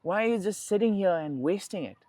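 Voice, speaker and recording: Guy putting on a pushy go-getter young dude, higher voice, keeps pressing. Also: expressive, brisk, dark tone, no room sound. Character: eager ambitious young man, pushy.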